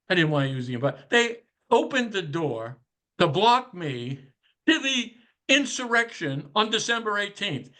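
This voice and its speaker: A man's voice: high voice, bright, forceful tone. A man giving a casual, ranting commentary on a podcast, profane and sardonic, firing off rhetorical questions in a conspiratorial tone.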